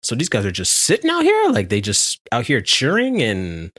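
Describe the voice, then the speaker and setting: A man co-hosting a podcast, telling a story in animated casual chat, laughing often and restarting his sentences. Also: medium pitch, moderate pace, no echo. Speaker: podcast co-host.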